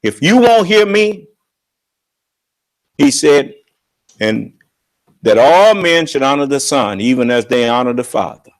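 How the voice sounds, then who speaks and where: A man preaching on scripture with emphatic, confrontational delivery, slowing down to draw out quoted verses. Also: mid-range voice, lively intonation. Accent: American. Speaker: religious leader and teacher.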